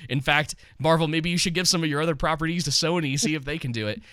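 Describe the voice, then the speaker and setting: A man co-hosts a podcast, talking casually about movies in a rambling, joking way, full of ums and restarts. His voice is fairly high, fast and a bit bright, with a clear, resonant tone. The sound is clean studio audio with no room sound.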